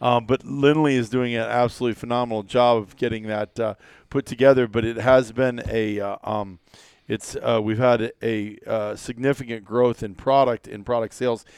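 A man's voice: medium pitch, moderate pace, clear, resonant tone, no echo. A man hosting a casual hunting podcast, telling stories with lots of acted-out dialogue, fillers and restarts. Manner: animated storyteller, acts out dialogue, many fillers and restarts. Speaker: podcast host.

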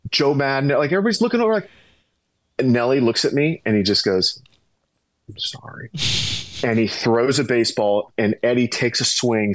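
A man's voice: mid-range voice, dry recording, low-quality recording. Dry-sounding man telling a rambling story. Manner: animated, rambling, frequent restarts. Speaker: guest, former pro baseball player. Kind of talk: casual anecdote telling.

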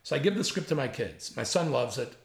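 Sixties New York writer, gravelly, spins lively anecdotes in an echoey room. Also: male voice, medium pitch, brisk. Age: 60s. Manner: animated anecdotal storyteller, gravelly. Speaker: guest, writer. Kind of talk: storytelling interview. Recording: roomy echo.

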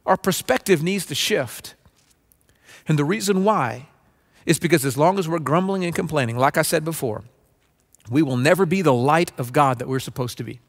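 High-voiced preaching man in reverb. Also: animated, moderate pace. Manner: earnest, preacherly, acts out grumbling voices. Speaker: pastor. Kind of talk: sermon. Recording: long reverb of a large room.

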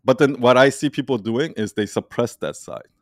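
A man leading an online community, talking casually in an animated, rambling way and laughing often. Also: mid-range voice, moderate pace, no room sound, studio quality. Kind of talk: casual conversation.

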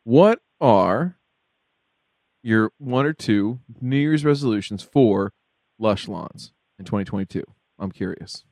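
Male host, low-ish voice, loud and teasing, dead-dry studio sound. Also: lively intonation, takes it slowly, dry recording. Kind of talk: casual chat.

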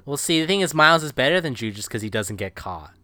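A man's voice: mid-range voice, big pitch swings, quick pace, sharp tone, no echo. A man co-hosting a podcast, riffing jokes in a casual movie review chat. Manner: jokey, riffs on gags. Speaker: podcast co-host.

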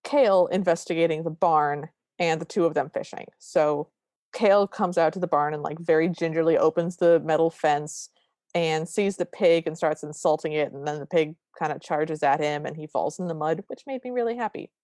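Lady podcast host, kinda low voice, dry close mic, retelling movie scenes and doing the lines. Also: moderate pace, darkish tone, dry recording. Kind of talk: casual movie recap chat.

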